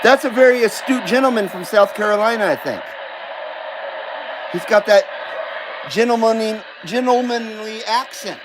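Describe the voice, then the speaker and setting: Guy hosting a live stream, high voice, slow easy rambling, bit of faint noise behind. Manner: rambling, reading chat comments aloud. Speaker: host. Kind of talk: casual live stream chat.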